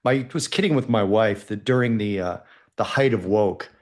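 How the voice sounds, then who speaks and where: A man, the son of immigrants, guesting on a podcast, telling stories in an animated, jokey way. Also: lowish voice, normal speed. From United States. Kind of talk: casual podcast conversation.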